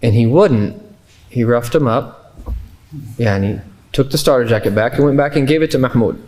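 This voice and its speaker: A man's voice: medium pitch, normal speed, darkish tone. A man from Kansas City, Missouri, teaching an Islamic class in a loose, conversational way, telling anecdotes with fillers and restarts.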